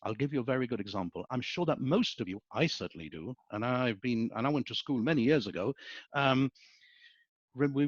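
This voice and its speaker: A middle-aged man teaches an online business class, spinning anecdotes and checking in with his listeners every few sentences. His voice sits at an ordinary middle pitch. The sound is dry and close, a little dull and muffled. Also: dry recording. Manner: anecdotal, animated storytelling with frequent "okay?" checks. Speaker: business school professor. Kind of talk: webinar lecture.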